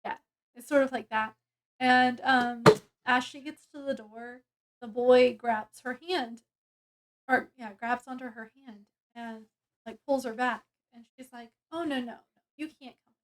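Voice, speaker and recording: A woman's voice: a little high, fairly even intonation, measured pace. A woman reviewing a book, casually retelling its plot in a rambling way with many fillers and restarts.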